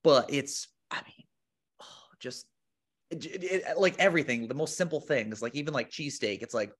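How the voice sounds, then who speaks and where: Young dude from rhode island, blunt casual talk. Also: male voice, a little high, expressive, normal speed, fairly bright tone. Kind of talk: casual chat.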